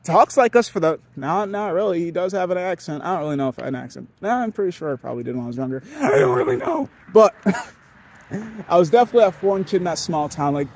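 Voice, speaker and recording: High-voiced young man, rambling and profane. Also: expressive, quick pace, creaky, darkish tone. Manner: rambling, profane, laughs often. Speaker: podcast host. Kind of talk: casual monologue.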